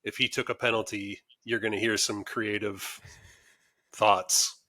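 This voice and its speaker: A man's voice: on the low side, flat delivery, a little slow, bright, forceful tone. A man co-hosting a podcast, asking a guest a long, rambling question. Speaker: podcast co-host. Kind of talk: casual podcast interview.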